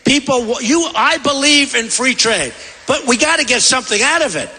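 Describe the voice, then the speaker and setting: A man's voice: very high-pitched, animated, normal speed, pushed and bright, breathy edge. A man giving a rambling, repetitive campaign rally speech from a podium in a large convention hall. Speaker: political candidate at a rally. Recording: long reverb of a big hall.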